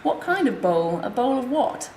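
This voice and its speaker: A woman speaking at a conference, reading her comic memoir aloud in a wry, deadpan way. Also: a little high, moderate pace. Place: hospital conference room. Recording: echoey lecture room, faint hiss.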